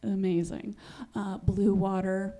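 A woman's voice: medium pitch, level tone, slow, warm tone. A young woman comedian telling a rambling, self-deprecating stand-up story, full of "like" and "um". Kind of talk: stand-up monologue.

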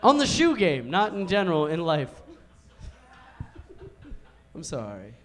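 A playful man trading jokes as a show guest, teasing and gushing over people. His voice is high and very animated, leaping up into excited squeals. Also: a little slow. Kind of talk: casual comedic banter.

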